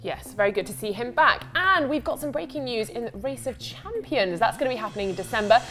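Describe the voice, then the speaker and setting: A woman's voice: a little high, lively intonation, fairly quick, fairly bright tone. Playful woman co-hosting over music. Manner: playful, teasing banter. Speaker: co-host. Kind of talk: casual news presenting. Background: background music.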